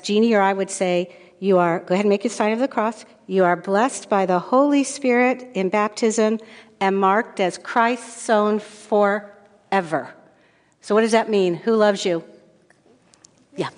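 A woman pastor giving a children's sermon, gently asking the kids questions. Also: mid-range voice. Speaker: pastor leading a children's message. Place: church sanctuary. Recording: long church reverb.

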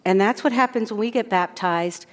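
A woman pastor giving a children's sermon, gently asking the kids questions. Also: medium pitch, normal speed. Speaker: pastor leading a children's message. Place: church sanctuary. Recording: long church reverb.

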